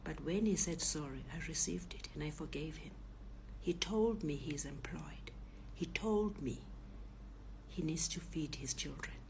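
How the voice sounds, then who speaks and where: A middle-aged South African woman, a Zulu speaker, telling a personal story in a lively way and acting out the other voices. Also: low-pitched, a little slow, vocal fry, slight background noise. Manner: animated retelling, acts out voices and shouts.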